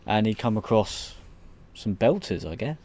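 Low-ish guy stumbling through a recap, ums everywhere, swears casually. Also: expressive, darkish tone. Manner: hesitant, halting recap with frequent fillers, casual swearing. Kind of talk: casual chat.

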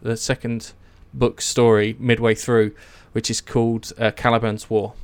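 A man's voice: medium pitch, little pitch movement, a little slow, smooth, no echo. A man chatting casually and eagerly about a series, rambling with many fillers and restarts. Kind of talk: casual chat.

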